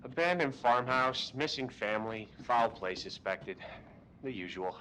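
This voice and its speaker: A man's voice: mid-range voice, a little slow, a little hiss or hum, low-quality recording. An actor playing a tired, dry-witted male TV producer in a video game. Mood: deadpan. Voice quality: deadpan, flat delivery.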